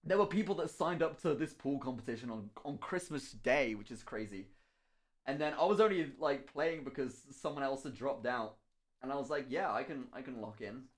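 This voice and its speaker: A young man from Somerset, a streamer chatting casually while he paints, telling stories excitably with lots of swearing and laughter. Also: medium pitch, brisk. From Somerset, England. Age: young adult.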